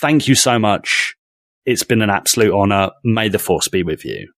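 A man co-hosting a podcast, chatting playfully and effusively, quick to laugh. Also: on the low side, lively intonation, fairly bright tone, dry recording, studio quality. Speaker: podcast co-host. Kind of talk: casual podcast chat.

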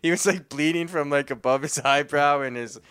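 Bright, chatty young male comedian. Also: on the high side, normal speed, smooth. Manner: rambling, filler-heavy, laughing often. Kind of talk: casual storytelling.

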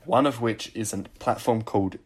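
Low-voiced Australian teen guy. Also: normal speed, breathy edge. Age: late teens. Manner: playful, chatty, jokey. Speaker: podcast co-host. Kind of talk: casual chat.

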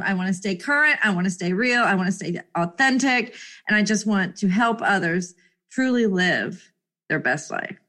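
A woman's voice: mid-range voice, bright, forceful tone. A woman hosting a solo motivational podcast, talking in an effusive, emotional way with frequent laughter and repeated exclamations. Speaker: podcast host.

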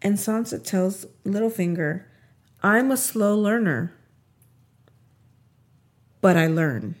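A woman talks through a story in a relaxed, unhurried way, drawing her words out. She acts out each character's lines as she goes. Her pitch sits in an ordinary middle range. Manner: animated retelling, acts out quotes. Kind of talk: casual podcast recap.

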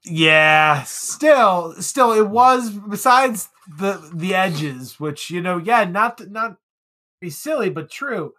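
A man co-hosting a podcast, chatting casually about an old film, often restarting sentences with sudden lifts in emphasis. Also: takes it slowly. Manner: animated, restarts a lot, pitch jumps for emphasis. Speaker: podcast co-host.

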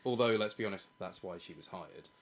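A man in casual, animated film chat, laughing often and swearing freely. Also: deep voice, a little fast, a crowd in the background.

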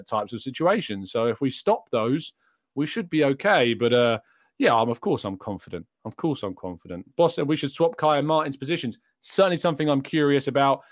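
A young man from England talks through a casual live stream, reading out chat questions and answering them in a loose, chatty way. His voice sits at a middle pitch. It is recorded close and dry, with no room sound. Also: no room sound. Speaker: host.

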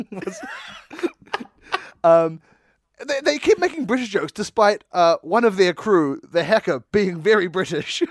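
Higher-voiced man in a dry room. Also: expressive, measured pace, pauses often, no echo. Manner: laughs often while joking. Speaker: podcast co-host. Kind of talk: casual movie chat.

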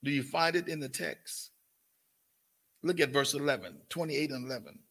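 A man's voice: on the high side, normal speed, a bit bright. An older man, teaching a Bible study sermon in a folksy way and calling on his listeners. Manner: folksy, calls on listeners, puts on a cooing grandparent voice. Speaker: pastor.

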